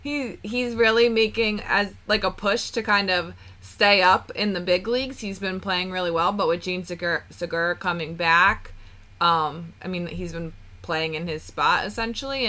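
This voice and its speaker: Bright low-toned woman, relaxed. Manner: relaxed, thoughtful, hedging. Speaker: podcast guest. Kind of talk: casual sports chat.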